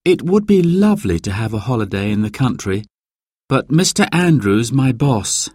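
A man voicing a worried working mother in a storybook reading, in a gentle, slightly raised voice. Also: medium pitch, breathy edge, no room sound, studio quality, pitched above the performer's own voice.

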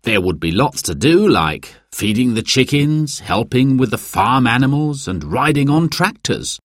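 A man's voice: mid-range voice, animated, unhurried, no room sound, studio quality, pitched above the performer's own voice. A man reading a friendly, thoughtful dad. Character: cheerful helpful father.

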